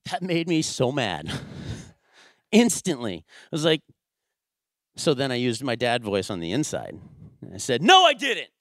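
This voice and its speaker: A man's voice: mid-range voice, big pitch swings, unhurried, pauses often, no room sound, clean studio sound. A man in his thirties telling a personal family story to a church audience, acting out his own raised voice in quoted lines. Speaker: church speaker. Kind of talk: sermon storytelling.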